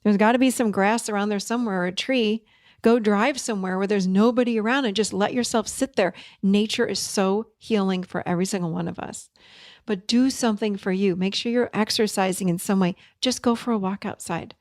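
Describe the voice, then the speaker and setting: A woman's voice: mid-range voice, a little fast, no room sound, clean studio sound. A middle-aged woman hosting a self-help talk, encouraging listeners in an emphatic way and repeating key words for stress. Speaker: podcast host and therapist.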